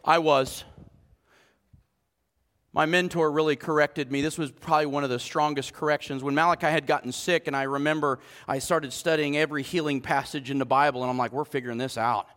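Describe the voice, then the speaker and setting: A male pastor preaching a sermon, animated, moving from quiet asides to shouted emphasis. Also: fairly high pitch, brisk, in a large hall.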